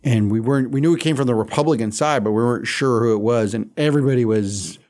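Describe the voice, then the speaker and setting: A man, a veteran political reporter, recounting memories in a halting, anecdotal way with many fillers. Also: mid-range voice, a little mellow. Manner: anecdotal, halting, lots of "you know". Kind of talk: interview storytelling.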